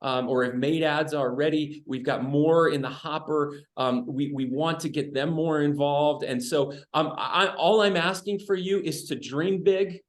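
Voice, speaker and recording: A man's voice: a little high, a little slow, hardly any pauses. A middle-aged man, a state governor, speaking earnestly and hopefully in a conversation, often restarting his words. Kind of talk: conversational remarks in a virtual event. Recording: roomy echo.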